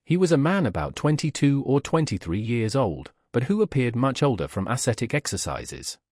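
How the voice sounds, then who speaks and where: A man reading a classic novel aloud as an audiobook narrator, in a measured storytelling delivery that voices the characters' dialogue. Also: mid-range voice, sing-song, a little mellow, no room sound, clean studio sound.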